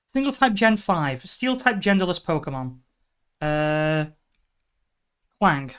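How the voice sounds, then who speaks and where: A woman's voice: lowish voice, very animated, takes it slowly, clear, resonant tone. A woman streaming live, thinking aloud through a guessing game and breaking into exasperated outbursts. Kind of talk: live stream chat while gaming.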